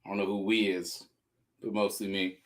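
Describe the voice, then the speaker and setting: A man's voice: lowish voice, flat delivery, normal speed, a little hiss or hum. Joking Southern-accented man hosting a sale. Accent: Southern American. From American South. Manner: joking, chatty, reads out items. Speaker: live sale host. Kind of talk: casual live sales chat.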